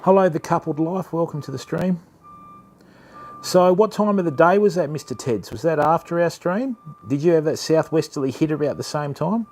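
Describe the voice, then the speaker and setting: His voice is on the high side and expressive, with a darkish tone, normal speed, and a little hiss or hum. He's an Australian man hosting a laid-back fishing livestream, chatting away, greeting viewers by name, and calling them mate and fam.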